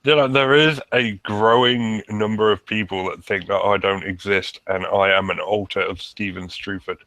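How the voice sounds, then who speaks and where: A man with a British accent, co-hosting a podcast with deadpan, sardonic jokes. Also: lowish voice, normal speed, no room sound. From Britain. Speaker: podcast co-host. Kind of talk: casual banter.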